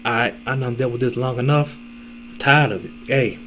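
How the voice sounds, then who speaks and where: A man's voice: mid-range voice, fairly even intonation, moderate pace, fairly bright tone, a little hiss or hum. A man giving dating advice in a casual, blunt monologue, full of slang, cursing and restarts. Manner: blunt, heavy slang and cursing, repeats himself.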